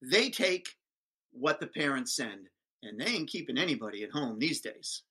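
A man recounting an anecdote with lively, self-mocking energy, acting out each exchange. His pitch swings widely and his tone stays bright and forceful throughout. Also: normal speed, breathy edge. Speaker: guest speaker. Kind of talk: animated storytelling.

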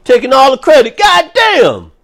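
A man's voice: very high voice, huge pitch swings, moderate pace, a bit bright, voice pushed up, exaggerated voice. A man voicing the coronavirus as a jealous, foul-mouthed figure, complaining shrilly. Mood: outraged.

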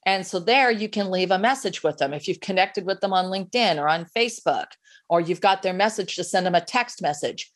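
A woman guest in an interview, animated and chatty, coaching on sales follow-up with frequent restarts. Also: on the low side, fairly quick. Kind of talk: conversational interview, giving advice.

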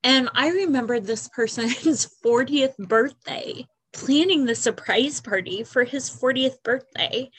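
Woman in her 40s crying through her podcast, halting and earnest, slow and a bit high. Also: slightly rough. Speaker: podcast host. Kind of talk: personal monologue.

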